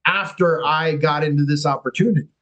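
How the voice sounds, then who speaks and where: Podcast guest: high-pitched man, animated storyteller who acts out the people he quotes. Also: fairly quick, low-quality recording. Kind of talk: casual storytelling.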